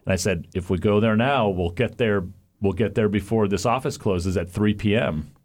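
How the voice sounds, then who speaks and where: A man's voice: fairly low pitch, normal speed, a little mellow. American guy cohosting a podcast, rambly, keeps laughing and doing little voices for people in his story. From United States. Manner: rambling, laughs often, acts out quotes. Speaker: podcast co-host. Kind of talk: casual chat, storytelling.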